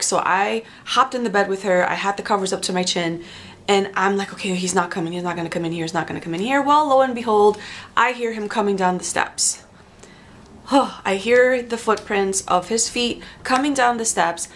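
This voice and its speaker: A woman telling a dramatic first-person story to the camera, halting often with repeats and restarts. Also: mid-range voice. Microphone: facing the camera.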